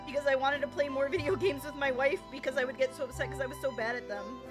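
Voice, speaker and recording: A woman streamer giving excitable live gameplay commentary, exclaiming and swearing freely. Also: high-pitched, fast talker. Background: game music.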